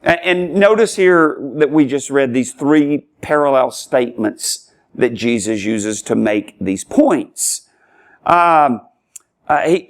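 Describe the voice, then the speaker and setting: A man teaching a Bible study as a preacher, emphatic, speaking in short repeated phrases and lifting his voice as he reads scripture aloud. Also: medium pitch. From Tennessee, US. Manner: emphatic, rises and falls sharply when reading scripture aloud. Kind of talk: sermon-style Bible teaching.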